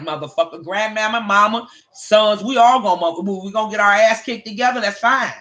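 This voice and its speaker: Bright-voiced woman telling profane stories. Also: medium pitch, fairly quick, few pauses. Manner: profane, animated storytelling; addresses viewers by name. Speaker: livestream host. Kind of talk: casual chat to viewers.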